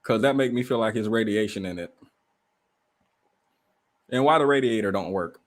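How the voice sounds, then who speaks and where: A man hosting a casual livestream from a rented room indoors, telling stories in an animated way and firing off rhetorical questions. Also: on the low side, normal speed. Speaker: livestream host.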